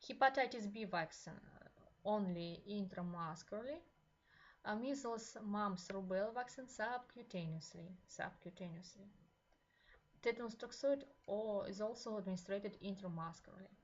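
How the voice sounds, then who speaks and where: A woman with a Russian accent teaches a university class in a mid-range voice. She talks slowly and haltingly, with many fillers, and often repeats a phrase before she goes on. The sound is muffled and lo-fi, like a lecture streamed from a classroom. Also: medium pitch.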